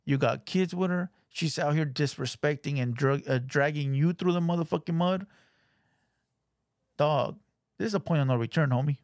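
A man's voice: on the high side, moderate pace, darkish tone, no room sound, clean studio sound. A man hosting a reaction show, talking in blunt, profane, scolding casual commentary.

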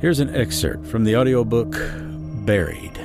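Over music, a man hosting a true-crime podcast narrates in a dramatic storytelling style, his pitch swinging widely. He's a podcast host and audiobook narrator with lively intonation and a moderate pace.

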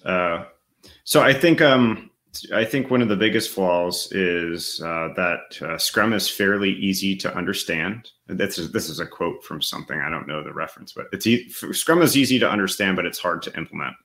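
Lower-voiced man musing through fillers. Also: expressive, normal speed, fairly bright tone. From United States. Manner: thoughtful, many fillers and restarts. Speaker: podcast co-host. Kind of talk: casual chat.

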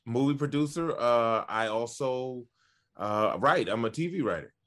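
A man chatting as a podcast guest, upbeat and laughing easily, a little halting. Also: mid-range voice, lively intonation, fairly bright tone. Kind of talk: casual chat.

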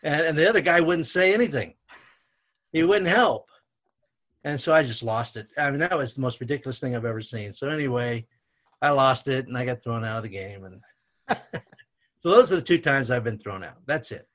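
An older man, a retired basketball coach, telling lively anecdotes in a conversation, his voice rising when he retells shouting matches. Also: medium pitch, brisk, long pauses. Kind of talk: storytelling in conversation.

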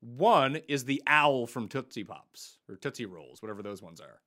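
A man's voice: mid-range voice, animated, normal speed, pushed and bright. Wry, teasing male host. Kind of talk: casual chat.

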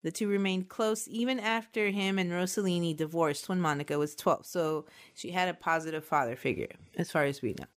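A woman's voice: on the low side, a little fast, hardly any pauses. A woman hosting a true crime podcast, chatting and laughing with her co-hosts before telling the case. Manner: giggly, chatty, recounts case details. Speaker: podcast host. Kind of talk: casual chat and true crime storytelling.

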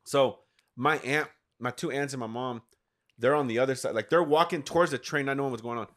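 Fast-talking, profane man in his thirties. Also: mid-range voice. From United States. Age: 30s. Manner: profane, animated storyteller. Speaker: podcast guest. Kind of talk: casual storytelling.

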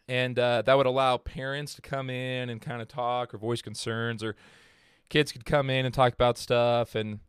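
A man's voice: medium pitch, fairly bright tone, smooth, dry recording, clean studio sound. A man hosting a podcast, telling a story in casual chat with lots of fillers and restarts. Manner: rambling, filler-heavy, laughs at own jokes. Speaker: podcast host.

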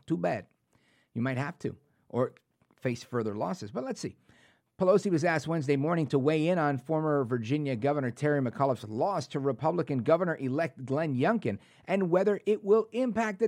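A man hosting a political talk show, reading news aloud with sarcastic, animated asides. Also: a little high, gravelly, no echo, studio quality. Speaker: talk radio host.

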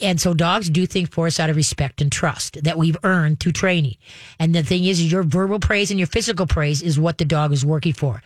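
A woman's voice: lowish voice, no room sound, clean studio sound. A woman dog trainer, a guest giving casual advice in a folksy, rambling way. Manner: folksy and rambling, acts out dogs and owners.

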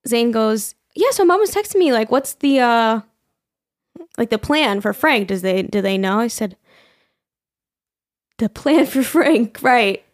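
Young woman, podcast co-host; high, bouncy voice, quick laughs, swears freely while recounting a story. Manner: animated, laughs often, swears, acts out quotes. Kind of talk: casual storytelling chat.

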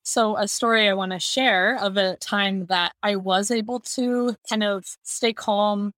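Woman telling a story on a podcast, animated and laughy, medium voice, dry sound. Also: medium pitch, unhurried, no echo. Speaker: podcast guest, communications manager. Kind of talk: conversational storytelling.

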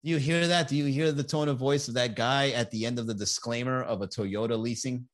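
A man's voice: medium pitch, fairly even intonation, fairly quick. A man hosting a comedy podcast, chatting casually and reading viewer comments, profane and sarcastic, often laughing at his own jokes.

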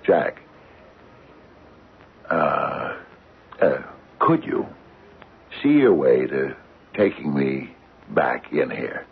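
An aging widower who built his business and now feels washed up. He stammers and repeats himself, and his voice is very deep, rough and husky. It comes through a narrow, phone-like old radio recording. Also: big pitch swings, heavily acted. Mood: weary. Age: older. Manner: stammering, halting, repeats words. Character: anxious aging widowed businessman, restless and lost. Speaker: father and retired company founder. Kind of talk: 1950s radio drama acting.

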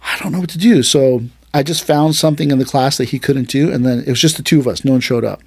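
Speaking quickly in a medium-pitched, slightly rough voice, this man hosts a martial arts podcast and teaches aikido. In a relaxed conversation he spins a lively story, performing the quoted lines himself.

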